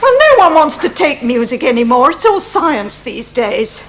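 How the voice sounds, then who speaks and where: A woman's voice: high-pitched, very animated, moderate pace, a bit bright, a little hiss or hum, poor audio. An actress playing a prim, fretful female music teacher in a 1990s TV sitcom, full of twee phrases. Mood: flustered.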